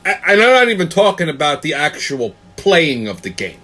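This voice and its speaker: Foul-mouthed ranting man, high and bright. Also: big pitch swings, normal speed. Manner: angry, swearing constantly, repeating "okay?". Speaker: show host. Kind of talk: profane sports rant.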